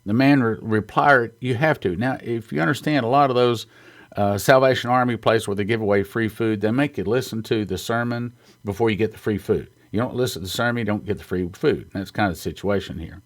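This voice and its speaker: Speaking fairly quickly in a fairly low voice, an American ministry founder and speaker shares a heartfelt testimony as part of a sermon. He tells it like a story, at times getting choked up.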